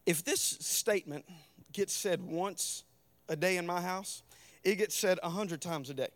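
A middle-aged Southern US preacher delivers a sermon in a church, his voice sitting fairly high for a man. He swings between quiet, conversational stretches and fervent, shouted climaxes. The sound is dry and close. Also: no echo. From American South. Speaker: pastor.

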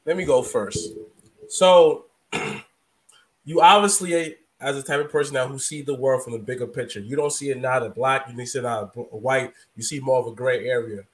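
A man with a voice of ordinary pitch hosts a casual podcast. He asks long, rambling questions and wanders through his thoughts before he gets to the point. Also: steady tone, moderate pace. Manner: meandering, long-winded questions.

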